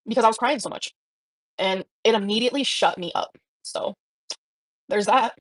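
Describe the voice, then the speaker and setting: A woman's voice: mid-range voice, steady tone, moderate pace, pauses often, no room sound. A woman livestreaming, telling a personal story in a rambling, emotional way with many fillers. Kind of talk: casual livestream chat.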